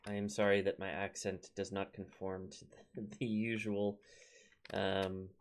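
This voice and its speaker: This young let's play host from Minnesota, United States, speaks with a Minnesotan accent, giving casual gameplay commentary as he addresses his units in a strategy game. His fairly low voice is flat and unhurried, with a bit of background noise.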